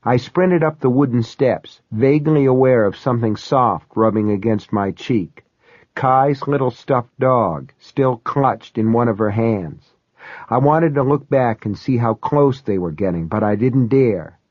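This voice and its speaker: Male audiobook narrator, horror tale, measured delivery, dry close sound, dull lo-fi audio. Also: mid-range voice, dry recording.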